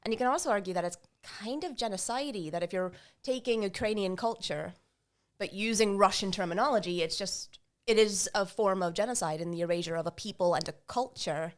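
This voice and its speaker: A woman's voice: mid-range voice, fairly quick. A woman in casual podcast chat, making her points earnestly. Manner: earnest, argumentative.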